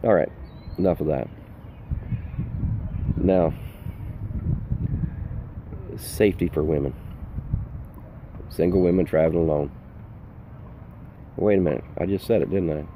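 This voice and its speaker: The older RV vlogger, full-time on the road, sits low and mellow in pitch, unhurried and pausing at length. Out in the sun, he earnestly and emphatically repeats casual safety advice over a little hiss or hum.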